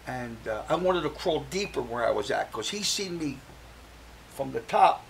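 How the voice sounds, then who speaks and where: Older gravelly-voiced man telling his story. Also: medium pitch, moderate pace, slight background noise, poor audio. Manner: animated storyteller acting out the voices of people he quotes. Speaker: guest. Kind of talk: personal storytelling interview.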